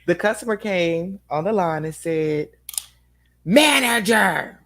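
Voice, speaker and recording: A woman's voice: on the low side, moderate pace. A woman chatting casually and comically, blunt and slangy, swearing freely. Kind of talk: casual comedic chat.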